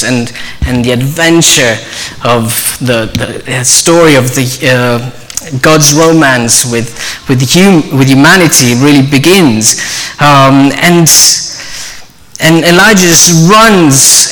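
Guy preaching a sermon, earnest storyteller, a bit high voice, long hall echo. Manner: earnest storytelling, voices quoted speech softly.

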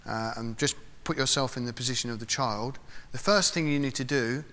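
A man's voice: medium pitch, a little fast, pushed and bright, in a large hall. A man preaching an informal sermon, talking conversationally and acting out short voices and prayers.

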